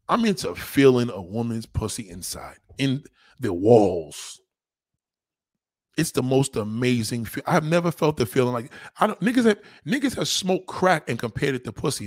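Husky blunt man ranting. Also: medium pitch, no echo, clean studio sound. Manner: blunt, crude, rambling, talks fast. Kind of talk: casual profane monologue.

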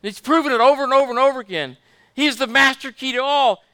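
High, bright-voiced man preaching. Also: fast talker, clear, resonant tone, no room sound. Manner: fervent, repetitive, asks the congregation for amens. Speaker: pastor. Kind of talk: sermon.

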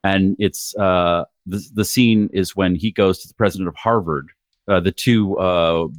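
A man on a video call telling a chatty story as a guest, with wry asides, through a quiet mic. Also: low-pitched, steady tone, a little slow, no room sound, studio quality. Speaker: guest in a group chat. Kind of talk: casual storytelling.

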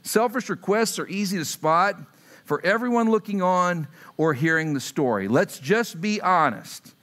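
Animated man preaching a lively sermon. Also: high-pitched, a little slow. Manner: animated, acts out quotes, asks the audience. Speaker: pastor. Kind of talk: sermon with storytelling.

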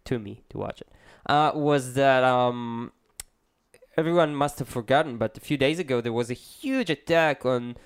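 A man's voice: mid-range voice, clean tone. Man co-hosting a joking chat podcast. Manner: joking, halting with many restarts. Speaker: podcast co-host. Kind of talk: casual podcast banter.

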